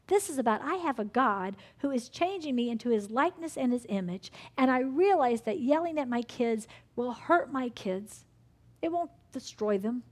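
A woman preaching a sermon with fervor, acting out prayers and inner dialogue as she goes. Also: on the high side.

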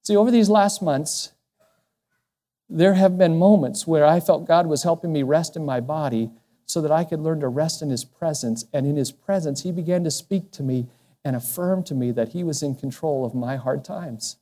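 A man preaching a sermon as a pastor, speaking in a personal, earnest way, with soft, lowered passages. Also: normal speed. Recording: long hall reverb.

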